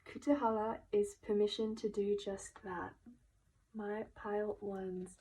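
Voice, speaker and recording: A woman giving a pick-a-card tarot reading, speaking gently and emotionally and at times dropping into a whisper. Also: medium pitch, low-quality recording. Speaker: tarot reader. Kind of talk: soft-spoken tarot reading.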